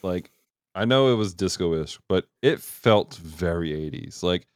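A man co-hosting a podcast in casual chat, expressive and quick to laugh. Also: low voice, clean tone, no room sound. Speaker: podcast co-host.

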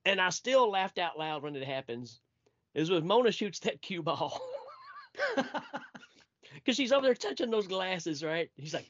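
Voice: medium pitch, big pitch swings, measured pace, long pauses, no room sound. A Gen X podcast guest chatting casually about a film, retelling scenes with laughter. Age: 40s to 50s. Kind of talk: casual movie chat. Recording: dry, dull lo-fi podcast audio.

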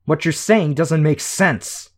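A man's voice: on the low side, steady tone, measured pace. A man voicing a bitter, hostile young female vigilante who growls clipped threats. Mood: snarling.

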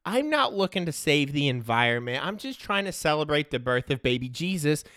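A man's voice: a little high, sing-song, fairly quick, fairly bright tone, dry recording, clean studio sound. A man hosting a solo podcast, rambling in a joking, self-mocking way. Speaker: podcast host. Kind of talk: solo comedic podcast rant. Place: home studio.

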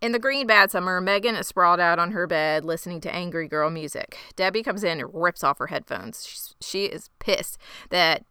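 A woman's voice: lowish voice, normal speed, pushed and bright, smooth, no room sound, clean studio sound. A woman co-hosting a podcast, recapping a TV episode in casual chat with wry, sarcastic asides. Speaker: podcast co-host.

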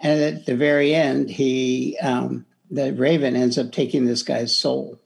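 A man's voice: medium pitch, flat delivery, measured pace, vocal fry. A man co-hosting a podcast, talking about a book in a loose, conversational way with frequent restarts. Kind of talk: casual book discussion.

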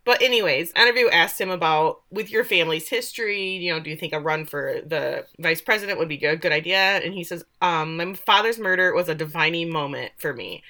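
A woman co-hosting a podcast, recapping a TV episode in casual chat, animated and sarcastic, swearing offhand. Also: fairly low pitch, a little fast, hardly any pauses. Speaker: podcast co-host recapping a TV show.

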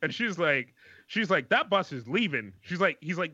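His voice sits a little high and sounds slightly rough as he tells a casual story at a moderate pace on the podcast he co-hosts. Profanity comes often, and he animatedly performs the people he quotes; the lo-fi sound is dull and free of room sound.

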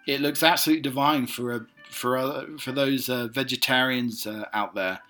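A man hosting a casual segment, reading out lists haltingly with many ums and uhs. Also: medium pitch, steady tone, sharp tone, soft background music. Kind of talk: casual read-through of lists.

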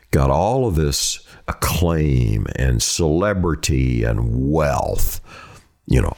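A man's voice: very deep voice, gravelly, darkish tone. A middle-aged man, a true crime reporter telling stories in an interview and acting out the voices he quotes. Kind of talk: storytelling in an interview.

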